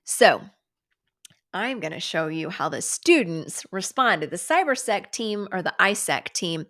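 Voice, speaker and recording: Woman, middle-aged, livestream host, casual chat, sarcastic, animated, occasional whispered asides, swears. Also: lowish voice, unhurried.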